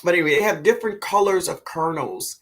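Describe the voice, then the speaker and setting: A woman with a New Orleans accent hosting a live gardening show, reading viewer comments aloud in a relaxed way and calling people baby. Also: on the low side, fast. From Louisiana, US. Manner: calls viewers baby, laughs often. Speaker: gardening livestream host.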